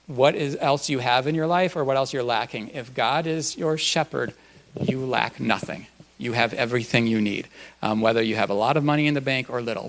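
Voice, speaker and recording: Male pastor, mid-range voice, relaxed conversational sermon with lots of filler words. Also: medium pitch. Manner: conversational and folksy, frequent um and uh. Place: church.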